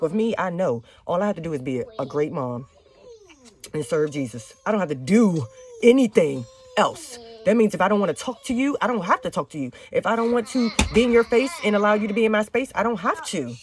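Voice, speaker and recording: Brief: young woman, rapid-fire blunt talk show monologue, cussing and preaching to the camera. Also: lowish voice. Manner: blunt, heavy cursing, preachy. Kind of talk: casual monologue to viewers. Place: home with children nearby.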